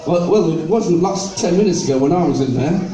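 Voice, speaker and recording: A man's voice: sits high, lively intonation, fairly quick, mellow, a faint crowd. An older man doing stand-up comedy, telling chatty stories and acting out people in his jokes, with an audience sing-along. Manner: chatty storytelling, acting out other people in joke dialogue. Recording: echoey venue, mic heard from a distance.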